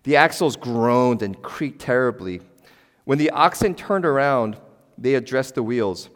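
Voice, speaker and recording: A middle-aged man preaching a sermon as a pastor in a church. He is conversational and emphatic, asks the congregation questions and breaks into sudden loud exclamations. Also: mid-range voice, lively intonation, unhurried. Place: church sanctuary. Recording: long church hall reverb.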